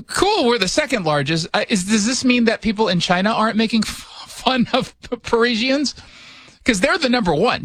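A man's voice: sits high, fairly bright tone, no room sound. A middle-aged man hosting a radio talk show in his studio, chatting casually with sarcastic jokes and rhetorical questions. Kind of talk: casual political commentary chat. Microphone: studio mic.

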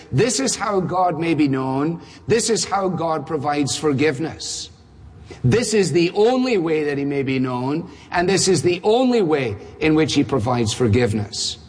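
A man delivers a sermon in a slightly husky, fairly high voice, driving home points with strings of rhetorical questions and dry humor. His voice rings out with a long reverb, as in a large church hall. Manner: rhetorical questions, wry asides, dramatic emphasis. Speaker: preacher.

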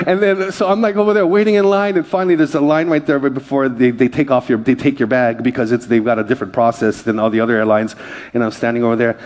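A middle-aged male pastor from Hawaii, preaching a lively sermon full of jokes and calls to the congregation. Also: fairly high pitch, a little hiss or hum. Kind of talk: sermon with humorous stories.

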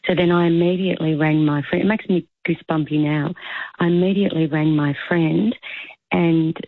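A woman's voice: low-pitched, fairly even intonation, moderate pace, dry recording. A woman calling in to a radio show, telling a story in a chatty, emotional way. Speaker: caller. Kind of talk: phone-in call to radio. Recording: tinny phone line.

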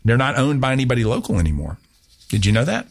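A man's voice: medium pitch, sing-song, fast talker, a little hiss or hum. A man hosting a talk radio show in a chatty, rambling, self-mocking way. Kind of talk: casual talk radio chat.

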